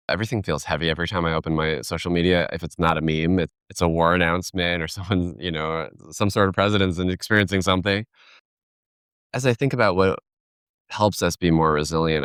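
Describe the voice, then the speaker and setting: A man appears as a keynote speaker in a conversational podcast interview, animatedly telling stories and acting out the voices he quotes. His voice is deep yet a bit bright, with a clean tone and clean studio sound free of room sound.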